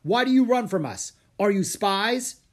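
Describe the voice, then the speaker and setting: A man's voice: mid-range voice, very animated, moderate pace, mellow, husky. Man doing a barking samurai warrior. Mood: suspicious. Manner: barking, demanding. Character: gruff shouting male samurai warrior.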